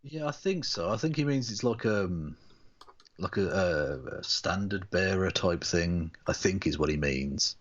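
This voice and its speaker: Male co-host, low and animated voice, mocking banter, dull lo-fi audio. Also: measured pace. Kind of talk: casual chat.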